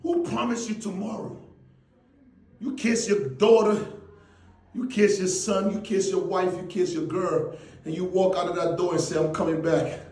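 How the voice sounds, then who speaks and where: A man giving an intense motivational speech, often shouting and firing off rhetorical questions. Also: high-pitched, fairly even intonation, normal speed, pauses often, roomy sound. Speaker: motivational speaker.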